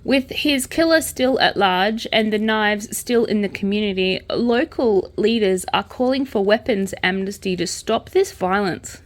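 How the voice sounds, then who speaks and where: A woman's voice: mid-range voice, measured pace, hardly any pauses. A young Australian woman hosting a casual chat, reading news aloud and reacting with open sorrow. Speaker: podcast host. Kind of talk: casual true-crime commentary while crocheting.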